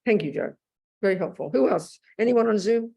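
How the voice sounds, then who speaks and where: An older woman teaching Buddhism to a live group with blunt, lively energy, her pitch sitting in a middle range. She calls her listeners darling and sweetheart as she talks them through the mind. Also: brisk, vocal fry, highs cut off. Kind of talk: dharma talk.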